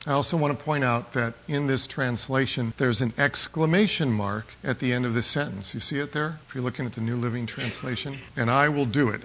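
A man preaching a sermon as a pastor, animated, acting out quoted voices for humor. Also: mid-range voice. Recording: muffled lo-fi sound.

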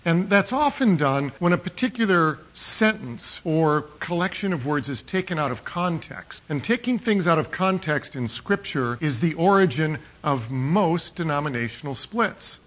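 Male pastor, conversational sermon with jokes; animated pitch, slightly raised voice, muffled recording. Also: moderate pace, few pauses. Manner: conversational and digressive, with humorous asides. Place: church sanctuary.

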